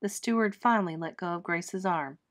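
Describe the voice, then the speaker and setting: A woman teacher reading a children's chapter book aloud with clear, expressive storytelling. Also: fairly low pitch, normal speed.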